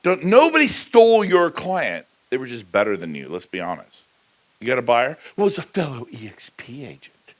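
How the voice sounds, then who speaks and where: A man giving a high-energy motivational talk at a conference, joking with the crowd and slipping into quick impressions of people. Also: wildly swooping pitch. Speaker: keynote speaker. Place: large conference hall.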